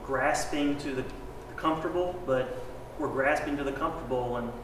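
A man's voice: mid-range voice, moderate pace, background noise. A man in a Bible class, answering reflectively and searching for his words. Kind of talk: class discussion. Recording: distant voice in an echoey hall.

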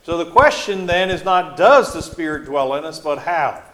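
A man teaching a Bible class in a church classroom, halting with many fillers and restarts, often quizzing his class. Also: fairly high pitch, lively intonation, a bit bright. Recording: echoey room with faint noise.

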